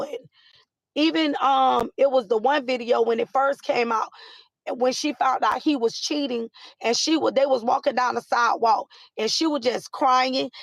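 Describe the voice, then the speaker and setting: A woman hosting a casual live chat with viewers, animated and repetitive, with many fillers. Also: high-pitched, vocal fry, no room sound. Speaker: live stream host.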